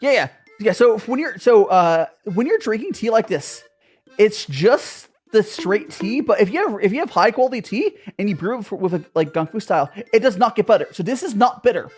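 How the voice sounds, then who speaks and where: A woman's voice: medium pitch, lively intonation, fairly quick, darkish tone, husky. Bubbly streamer lady just chatting, voice bounces up and down a lot, faint music behind. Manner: bubbly, laughs often. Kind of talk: casual chat stream.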